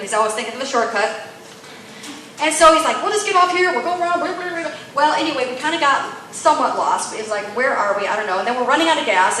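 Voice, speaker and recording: A woman's voice: high voice, a bit bright. A woman teaching a room of women, telling stories with acted-out dialogue and bursts of laughter. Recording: strongly echoey room with faint noise.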